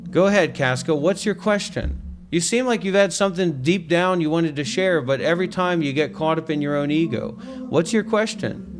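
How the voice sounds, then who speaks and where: Blunt high-voiced man berating callers. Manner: blunt, profane, mocking, confrontational. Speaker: host of a meditation livestream. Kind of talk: live call-in Q&A.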